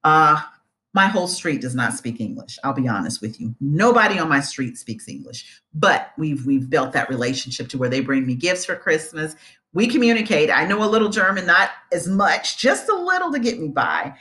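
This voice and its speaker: A woman with a low voice talks straight to her viewers in a casual vlog. Her pitch swings widely as she makes her points. She is earnest and animated and repeats key phrases for emphasis. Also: moderate pace. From United States. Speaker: vlogger giving advice on moving abroad. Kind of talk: casual advice talk to camera.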